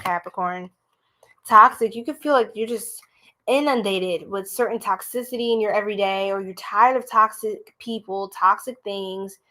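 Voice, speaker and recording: A young American woman giving a live-streamed tarot reading, talking chattily and straight to her viewers. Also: mid-range voice. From United States. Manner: chatty, animated, talks straight to viewers as y'all. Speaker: tarot reader.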